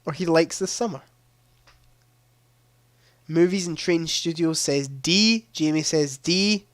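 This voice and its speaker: A young man with a fairly high voice chats his way through a live-streamed quiz, reading out questions and laughing easily. He talks into a headset mic, and the sound is close and dry, with no room around it. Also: slow pace, no echo. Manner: chatty, reads quiz questions aloud, often laughing. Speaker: livestream quiz host. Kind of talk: casual live-stream chat.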